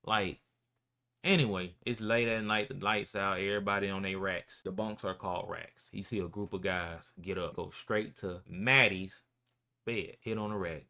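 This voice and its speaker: Male YouTuber, bright forceful voice, slangy profane storyteller. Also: low voice, fairly even intonation, normal speed, gravelly. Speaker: YouTuber telling prison stories. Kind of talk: casual storytelling.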